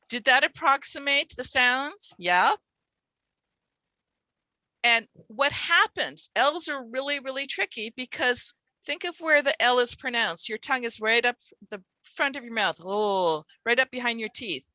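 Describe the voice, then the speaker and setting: A woman leads a workshop for reading teachers, stretching out sounds and syllables as she demonstrates. Her voice is bright and a little high. The recording is dry and close, with no room echo. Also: expressive. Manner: demonstrative, sounds out words slowly. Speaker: literacy teacher trainer. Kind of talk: workshop presentation.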